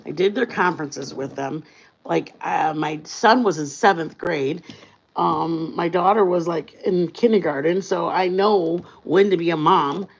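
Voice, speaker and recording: A woman's voice: lowish voice, a little slow, muffled recording. A woman hosting a livestream, telling personal stories in a playful, giggly way and laughing often. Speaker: livestream host. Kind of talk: casual storytelling chat.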